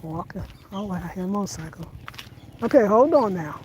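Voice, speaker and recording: A woman's voice: medium pitch, animated, a little fast, darkish tone, slight background noise, low-quality recording. A woman vlogging as she walks outdoors in the countryside, chatting and laughing with her viewers. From United States. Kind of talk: casual vlog while walking.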